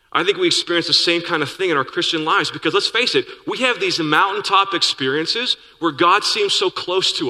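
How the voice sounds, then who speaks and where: A man's voice: on the high side, pushed and bright, long reverb tail, poor audio. A man pastor preaching a sermon to his church, earnest and conversational with folksy asides. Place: church sanctuary.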